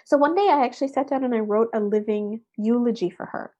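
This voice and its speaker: A middle-aged woman, a guest in an interview, telling a personal story with lively expression. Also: on the high side, quick pace, dull audio. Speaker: interview guest, workshop speaker.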